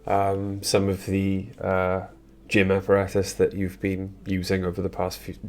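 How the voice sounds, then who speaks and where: A man running a tabletop game as dungeon master, narrating in a slow, halting way with many pauses and ums. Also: low voice, completely flat delivery, darkish tone.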